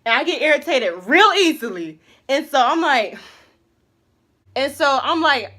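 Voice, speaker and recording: A woman's voice: high voice, animated, measured pace, long pauses, sharp tone. A young woman telling a personal story in a casual, chatty way, with lots of filler words and slang. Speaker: vlogger.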